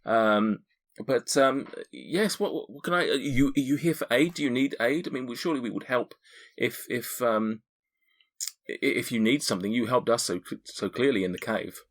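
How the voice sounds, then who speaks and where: A man's voice: medium pitch, normal speed, pitched above the performer's own voice, lightly acted. A man voicing an older female tiefling midwife in a tabletop game, stammering and motherly. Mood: flustered.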